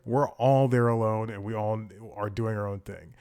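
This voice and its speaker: A man's voice: lowish voice, steady tone, moderate pace, darkish tone, smooth. A young man hosting a comedy podcast, telling a long exasperated story in a rambling casual way, with many restarts and laughs. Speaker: podcast host.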